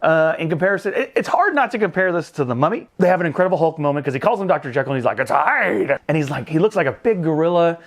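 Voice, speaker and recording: A man with a fairly high, very lively voice, recapping a film in a casual, joking way. He swings up and down in pitch as he tells the story and cracks jokes. He talks like a movie-review host chatting with his viewers. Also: racing, few pauses. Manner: animated, joking, acts out movie lines in funny voices.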